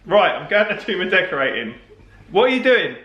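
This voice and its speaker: A middle-aged British man chats through a home vlog in a jokey, easygoing way. His voice is bright and forceful, a bit higher than most men's. It rings around an echoey room with faint noise behind. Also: very animated, fairly quick, lo-fi sound. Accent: British English. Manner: chatty, jokey, says "well nice" and "me app". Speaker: vlog host. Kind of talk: casual chat. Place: family home, indoors.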